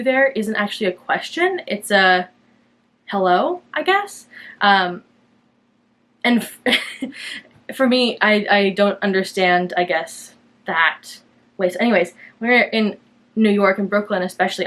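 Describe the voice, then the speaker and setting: A woman's voice: medium pitch, unhurried, pauses often. A young woman from Canada hosting a knitting podcast, chatting casually and rambling with lots of fillers. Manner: chatty and rambling, many fillers, bright lifts when quoting herself. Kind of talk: casual chat to camera.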